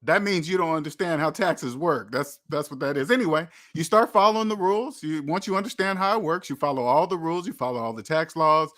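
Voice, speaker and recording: A man with a fairly high, bright voice delivers a motivational money monologue. He lectures his viewers in a preachy, repetitive way. Now and then he acts out imagined quotes. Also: brisk, few pauses. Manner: preachy, repetitive, addresses viewers as debt slaves. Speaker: money channel host.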